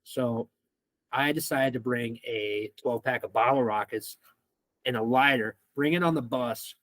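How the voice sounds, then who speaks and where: A young man from Missouri telling a rowdy school story as a podcast guest, animated and swearing freely. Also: mid-range voice, measured pace, dry recording. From Missouri, United States. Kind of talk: casual storytelling.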